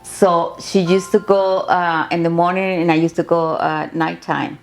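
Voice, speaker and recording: A woman's voice: fairly low pitch, little pitch movement, unhurried, vocal fry, faint music behind. An older woman in a documentary interview, retelling family events with emotion and quoted dialogue. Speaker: interviewee, grandmother.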